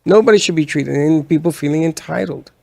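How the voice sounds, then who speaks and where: A man's voice: on the high side, brisk, gravelly, a little mellow, dry recording. A man on a talk show chatting casually and acting out the people he quotes as he tells stories. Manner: storytelling, acts out quoted lines. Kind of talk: casual chat.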